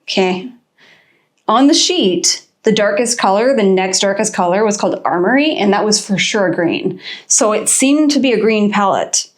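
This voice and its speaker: A woman's voice: medium pitch, animated, moderate pace. Chatty woman vlogger, rambling. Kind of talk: casual chat to camera. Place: indoor home studio.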